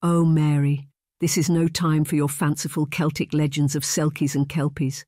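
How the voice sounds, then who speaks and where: A woman's voice: deep voice, little pitch movement, moderate pace, mellow, no echo, studio quality, natural voice. A narrator voicing a dignified noble lady who speaks formally, trying to keep her composure. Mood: earnest. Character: noble English lady, composed yet shaken.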